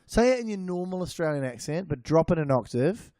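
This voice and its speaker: A man's voice: a little high, very animated, a little fast, warm tone, no echo. Jokey young man, dry close sound. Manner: rambling, jokey, laughs often. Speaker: podcast co-host. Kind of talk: casual chat.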